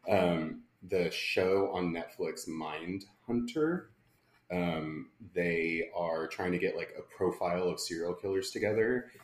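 A woman, co-hosting a podcast, laughing often and telling stories with lively energy. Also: extremely low pitch, slow pace, echoey room. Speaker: podcast co-host, middle sibling. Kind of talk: casual chat.

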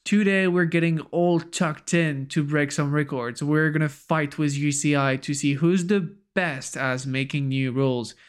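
A man's voice: on the high side, steady tone, unhurried, hardly any pauses, smooth. A young French man with a French accent hosting a podcast in an upbeat, casual way, laughing easily. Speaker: podcast host.

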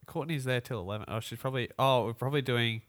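A man's voice: mid-range voice, fast, dry recording. A young man co-hosting a podcast, chatting casually with many fillers and restarts. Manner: relaxed, rambling, frequent fillers and restarts. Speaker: podcast co-host. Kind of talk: casual chat.

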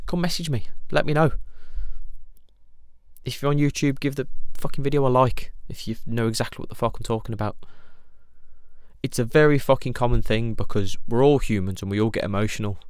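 A man's voice: mid-range voice, smooth, no echo, clean studio sound. A man in his thirties hosting a podcast, talking bluntly in a casual monologue with a lot of swearing, acting out what people say. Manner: blunt, swears a lot, acts out quoted lines. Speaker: podcast host.

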